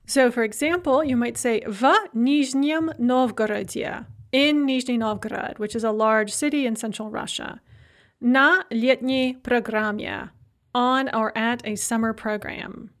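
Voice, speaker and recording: A woman teaching a grammar lesson, explaining clearly in English and reading out careful Russian examples. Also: a little high, a little slow. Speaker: language teacher.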